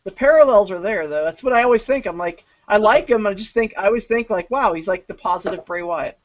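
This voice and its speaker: A podcast co-host chatting casually and hesitantly, thinking out loud about a wrestler. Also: mid-range voice, fast. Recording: dull lo-fi podcast audio.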